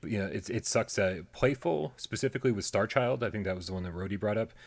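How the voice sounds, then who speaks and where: A man's voice: lowish voice, quick pace, vocal fry. A man hosting a casual gaming podcast, chatting loosely and breaking into playful mock rants. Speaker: podcast host.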